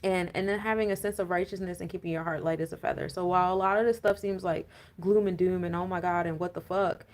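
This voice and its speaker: A woman's voice: lowish voice, fairly even intonation, fast talker. A woman giving a casual, rambling astrology and tarot talk, full of fillers and laughing rants. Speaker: spiritual coach and tarot reader.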